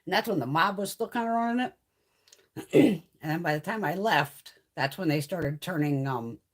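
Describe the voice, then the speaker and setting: A woman's voice: on the low side, animated, moderate pace. A middle-aged woman from the US East Coast chatting casually on a livestream, telling stories in a blunt way and swearing constantly. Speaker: beauty livestream host.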